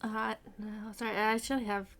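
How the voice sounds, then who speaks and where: A woman's voice: on the high side, little pitch movement, brisk, fairly bright tone. Matter-of-fact woman game player. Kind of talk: casual chat.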